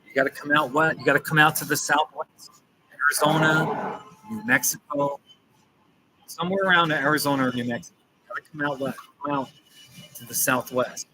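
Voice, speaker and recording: A man's voice: fairly high pitch, steady tone, a little fast, sharp tone, soft background music, low-quality recording. A man chatting casually on a livestream from a coffee shop corner, playful and chatty and repeating his phrases with chuckles. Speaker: livestream host. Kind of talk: casual livestream chat reading viewer comments.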